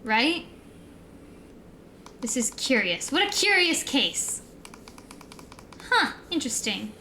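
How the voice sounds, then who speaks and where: A young American woman talks through a casual stream in a high voice. She rambles, laughs easily and piles up fillers. A faint hiss sits under the voice. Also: big pitch swings, takes it slowly, sharp tone. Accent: neutral American. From United States.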